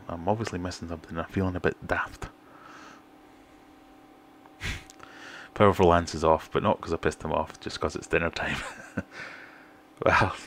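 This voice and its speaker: A middle-aged British man hosting a relaxed livestream, chatting and reading out viewer comments in a self-deprecating way. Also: low-pitched, a little hiss or hum. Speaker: fishkeeping livestream host. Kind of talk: casual livestream chat.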